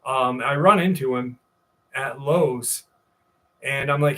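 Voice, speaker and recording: A man's voice: medium pitch, takes it slowly, sharp tone. A man in his forties from New York, hosting a live stream and telling a rambling, profane story in a casual way. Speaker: show host.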